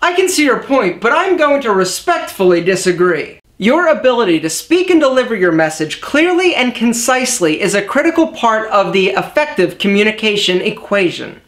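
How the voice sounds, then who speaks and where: A man hosting an advice vlog as an image consultant, jokey and energetic as he coaches his viewers. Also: sits high, echoey room.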